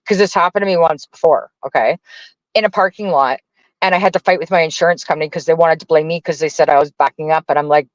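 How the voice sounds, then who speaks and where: A woman's voice: low-pitched, fairly even intonation, fast, no echo. Foul-mouthed woman ranting on a stream. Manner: profane, rambling, heated. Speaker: livestreamer. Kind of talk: casual live-stream rant. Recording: dull dry lo-fi stream audio.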